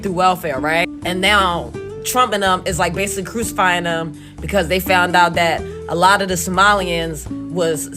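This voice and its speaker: A woman giving a casual, emphatic reaction rant in slangy speech, breaking into laughter. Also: on the low side. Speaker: social media commentator.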